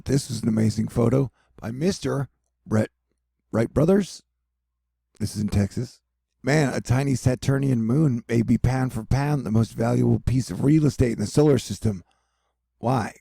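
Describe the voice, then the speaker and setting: Rambling casually over weather maps, this male news host cracks wry jokes at his own expense. The sound is close and dry, without echo, and his mid-range voice comes across dark and mellow with a husky, gravelly edge.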